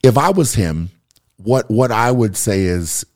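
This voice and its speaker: A podcast host in relaxed talk with a guest, with a fairly low male voice. He speaks earnestly and in a steady way, often checking in with "right?". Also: a little slow. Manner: earnest, keeps asking "right?". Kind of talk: casual conversation.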